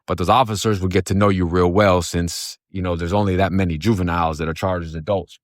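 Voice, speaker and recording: A man's voice: sits low, fairly even intonation, fast, no room sound, clean studio sound. A man from Florida telling his own story in a blunt, profane, streetwise way. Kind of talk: casual spoken storytelling.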